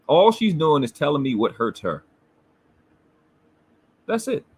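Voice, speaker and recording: A fairly high-pitched man talks back at a replayed livestream with a husky, strained tone. His delivery swoops up and down as he mocks and curses. He sounds like a combative host holding court on his own channel. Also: big pitch swings, measured pace. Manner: combative, mocking and profane. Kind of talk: reacting to a replayed livestream clip.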